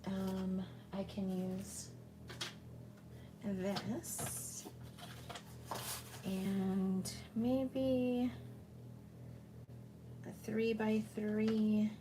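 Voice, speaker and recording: A woman's voice: medium pitch, little pitch movement, very slow, pauses often, background noise. A woman chatting casually as she walks through making a handmade card, talking to herself as she works. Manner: chatty, talks to herself while working. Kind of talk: casual crafting tutorial.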